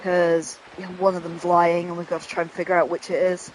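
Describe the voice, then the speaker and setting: A woman's voice: fairly low pitch, flat delivery, fairly quick, slight background noise, low-quality recording. Chatty woman playing a game. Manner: chatty, swears casually. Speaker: let's play host. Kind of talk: casual gameplay commentary.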